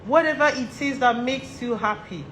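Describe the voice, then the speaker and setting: A woman's voice: fairly high pitch, normal speed, fairly bright tone, echoey room, a little hiss or hum, poor audio. A woman with a Nigerian accent giving a motivational talk to other women, earnest and repeating her urgings for emphasis. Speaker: vlogger giving advice to women. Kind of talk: motivational monologue.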